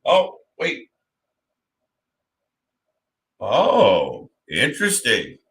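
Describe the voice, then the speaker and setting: A man's voice: medium pitch, huge pitch swings, slow, creaky, fairly bright tone. A man hosting a live watch party, chatting casually and talking to viewers by name as he reacts.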